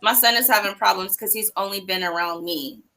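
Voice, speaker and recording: A woman's voice: medium pitch, a little fast, bright, forceful tone. A woman hosting a casual livestream chat, easygoing and agreeable, reacting to her viewers' comments. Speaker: host.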